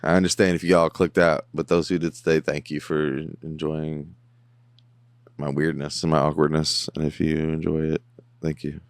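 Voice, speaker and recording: A man hosting a podcast, casually recapping and reacting to a TV episode in a slangy, animated way. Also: a bass voice, moderate pace, no echo. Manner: slangy, animated, says "bro" a lot. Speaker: podcast host.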